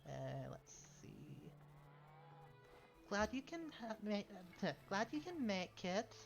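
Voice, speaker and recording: Speaking slowly in a high-pitched, sing-song, creaky voice, a strategy-game streamer chats casually, rambling, correcting himself and chuckling through asides. Faint game music plays under the slightly dull stream audio.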